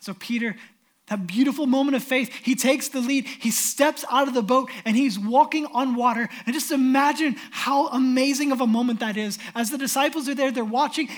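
A man preaching as pastor, reading scripture and retelling it in an earnest, emphatic storytelling way. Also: extremely high pitch.

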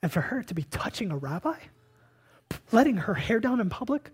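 A pastor preaching a sermon, emphatic, posing rhetorical questions and moving between hushed lines and loud ones. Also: medium pitch, sing-song, fairly quick, slightly rough. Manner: asks and answers rhetorical questions.

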